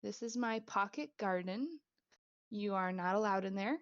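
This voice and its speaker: A weary noblewoman who has just lost her ship speaks in a sighing, guarded way, as a woman game master puts her on. Her voice is gravelly, with a dry, dull lo-fi sound. It comes across as a tabletop game character. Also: medium pitch, lively intonation, moderate pace, no echo, lightly acted. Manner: sighing, guarded, plain-spoken. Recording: dull lo-fi mic.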